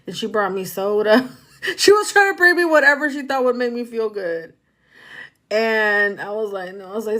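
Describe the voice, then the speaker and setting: A woman's voice: on the high side, animated, normal speed, a bit bright. A woman reader chatting casually on a livestream, rambling, repeating herself and talking straight to her viewers.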